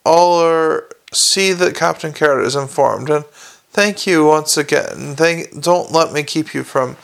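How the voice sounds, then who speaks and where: A weary, impatient police commander, as a male reader plays him, brisk and dry in his replies. The voice is gravelly and pitched a touch high. He sounds like a storybook character who wants every conversation over with. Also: a bit bright. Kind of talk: audiobook character reading.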